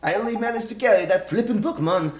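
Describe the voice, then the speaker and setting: A man voicing a small, cheeky male fairy in an Irish accent, loud and lilting, in a roomy room with game music behind. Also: high-pitched, fast, pitched above the performer's own voice, lightly acted.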